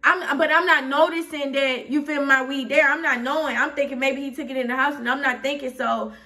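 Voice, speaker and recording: In her storytime vlog, a young Atlanta woman with a high-pitched Southern voice loosely rambles through a tale, candidly checking in with "you feel me" again and again as she gets more heated. Her delivery is steady, brisk and sharp. She seems slightly far from the microphone.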